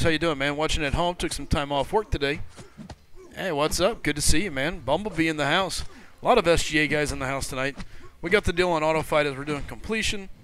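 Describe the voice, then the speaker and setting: Bright, chatty gaming streamer man. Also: fairly high pitch. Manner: chatty, greets viewers and reads chat messages aloud; loose and rambling, with frequent fillers and self-corrections. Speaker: gaming livestream host. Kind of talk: casual livestream chat.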